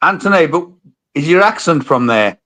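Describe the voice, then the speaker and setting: English bloke on a call, bright sharp voice, bit higher, teasing. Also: male voice, lively intonation, moderate pace. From England. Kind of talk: casual online chat.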